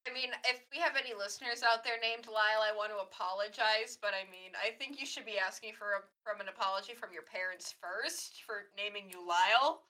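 A young woman co-hosting a casual podcast chat, excitable and quick to gasp and exclaim. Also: mid-range voice, low-quality recording. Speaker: podcast co-host.

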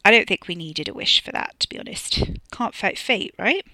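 A narrator voicing a forceful, bossy young woman in an audiobook, speaking loudly and emphatically. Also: lively intonation, moderate pace, no echo. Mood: matter-of-fact. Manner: loud and emphatic, raised pitch. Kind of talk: audiobook character voice.

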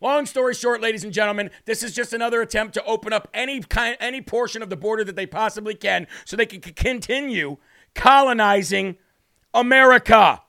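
A man's voice: high voice, fast talker, pushed and bright. A man hosting a live political commentary show, emphatic and sarcastic, firing rhetorical questions at viewers. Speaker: host.

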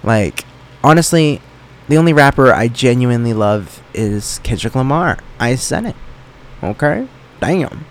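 Animated but measured, this young man pauses often as he hosts his solo podcast in his bedroom, joking at his own expense while rambling. His voice is medium-pitched, the mic sits in his room, and a fan hums faintly.

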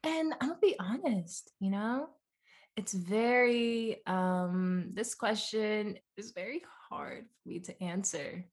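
A woman's voice: medium pitch, takes it slowly. A young woman co-hosting a podcast in playful, jokey casual chat, laughing often. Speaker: podcast co-host.

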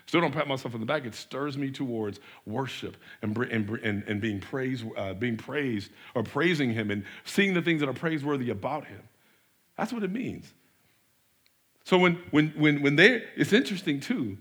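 A man preaching a sermon as pastor, animated, with repeated restarts, often acting out quoted voices. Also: mid-range voice, moderate pace, slightly rough.

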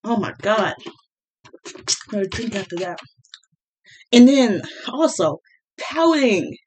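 A woman's voice: medium pitch, sing-song, takes it slowly, darkish tone, slight background noise. A young woman ranting bluntly and sarcastically to camera as a vlogger. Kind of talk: casual rant to camera.

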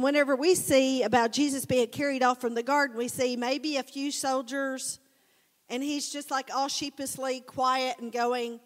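Woman pastor, high voice, relaxed conversational sermon, long church reverb. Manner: casual, animated storytelling, addresses the crowd as guys. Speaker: preacher. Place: church sanctuary.

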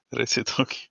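A man's voice: sharp tone, no echo. A man co-hosting a podcast in casual chat, rambling and swearing, laughing often. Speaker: podcast co-host.

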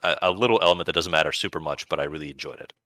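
Rumbling low and rapid-fire, this man co-hosts a podcast, talking about video games in a casual, enthusiastic ramble punctuated by playful emphasis. His tone is bright and forceful, captured in a dry recording.

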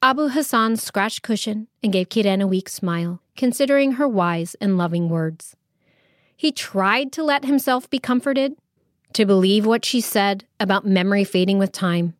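A woman storyteller reading a scripted children's story aloud in a lively, expressive way. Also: medium pitch, normal speed, no echo, clean studio sound.

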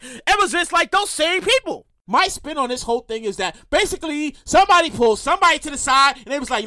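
High-pitched, animated man ranting. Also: fairly quick, no room sound, clean studio sound. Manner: animated, profane storytelling with frequent shouted outbursts. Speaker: podcast host. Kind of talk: comedic solo podcast monologue.

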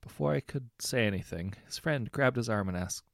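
Male storyteller with a raspy, fry-edged voice, easygoing delivery, dry booth-like recording. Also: lowish voice, normal speed, no echo. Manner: relaxed, conversational storytelling with self-corrections. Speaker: story narrator. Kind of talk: reading short anecdotes aloud.

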